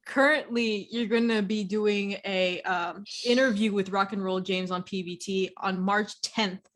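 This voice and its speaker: A woman's voice: medium pitch, fairly even intonation, a little slow. A young woman co-hosting a radio show, asking questions casually, giggly and hesitant. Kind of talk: casual interview chat.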